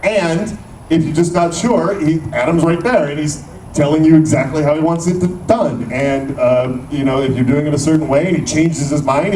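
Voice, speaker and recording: A male voice actor answering fan questions at a convention panel, telling animated stories and laughing as he goes. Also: fairly high pitch. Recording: echoey convention hall from far off, crowd noise.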